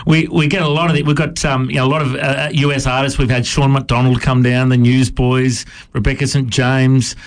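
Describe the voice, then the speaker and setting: A man's voice: mid-range voice, flat delivery, moderate pace, few pauses. A man from Australia with an Australian accent, hosting a radio interview in a friendly, jokey way, laughing often. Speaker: radio host.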